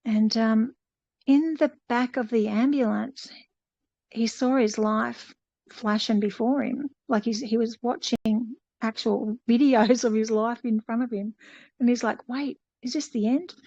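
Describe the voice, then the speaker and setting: Woman, fairly high voice, rambling fellowship storyteller, dry muffled sound. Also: steady tone, a little slow, dark tone, no room sound. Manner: rambling, many fillers and restarts, paraphrasing a story. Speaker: fellowship participant. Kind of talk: casual testimony retelling.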